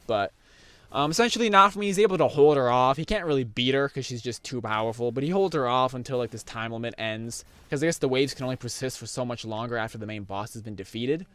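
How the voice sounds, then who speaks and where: A man's voice: medium pitch, quick pace, a bit bright, dry recording. A young man casually rambling through an anime review, full of fillers and restarts.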